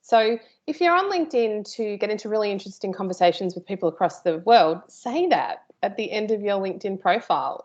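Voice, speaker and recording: A woman's voice: mid-range voice, darkish tone, dull audio. A woman teaching a live workshop, chatty and informal, with playful asides to her host. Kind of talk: live online workshop presentation.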